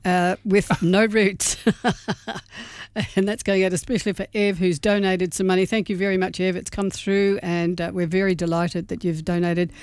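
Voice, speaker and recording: A man's voice: high-pitched, flat delivery, fairly quick, few pauses, darkish tone, clean tone, dry recording. A man from Melbourne hosting a community radio show, chatting casually and reading out a gig guide with small slips. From Melbourne, Australia.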